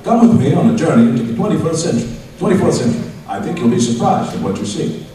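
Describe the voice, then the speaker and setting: A man doing an impression of a famous older actor, with a grand, measured sing-song delivery in an echoey hall. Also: mid-range voice, big pitch swings, mellow, a little hiss or hum, natural voice. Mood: pompous. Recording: echoey hall, distant mic, crowd.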